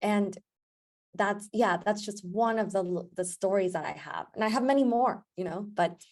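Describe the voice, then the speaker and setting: A woman yoga instructor telling a personal story as a podcast guest, chatty and animated, often acting out what others said. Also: medium pitch, moderate pace. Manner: animated storyteller, acts out quoted voices, laughs often. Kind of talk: casual storytelling interview. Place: podcast recording.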